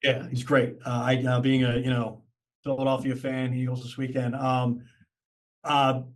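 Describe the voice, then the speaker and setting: A man in his fifties chats as a podcast guest at a mid-range pitch. He tells stories loosely, often restarting his sentences. His tone stays conversational. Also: monotone, measured pace. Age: 50s. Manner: chatty storyteller with frequent restarts and fillers. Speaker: podcast guest, marketing consultant. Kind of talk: casual interview chat.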